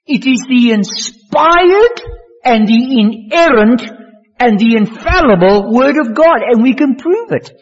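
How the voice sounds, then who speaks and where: A man preaching a sermon slowly and emphatically, his voice rising on the key words. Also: very high-pitched, lively intonation, breathy edge. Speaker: pastor. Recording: dull lo-fi recording in a reverberant hall.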